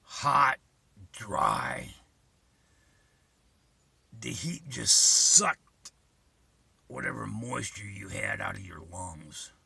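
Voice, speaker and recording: A man's voice: lowish voice, big pitch swings, drawn-out words, creaky, long pauses, sharp tone, husky, no room sound. An older man telling a vivid, profane personal story in an earnest way.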